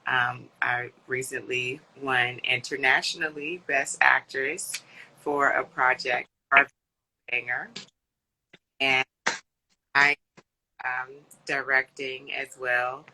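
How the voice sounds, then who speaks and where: A cheerful woman guest with a very bright, sharp tone, giggling between her ums. She talks easily about her work. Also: rumbling low, level tone, takes it slowly, long pauses, low-quality recording. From United States. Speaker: guest actress and director. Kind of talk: live online interview.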